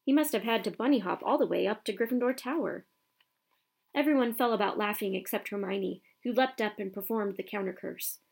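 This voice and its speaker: Female audiobook narrator, steady storytelling, mid pitch. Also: brisk, creaky, slightly rough. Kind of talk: scripted narration.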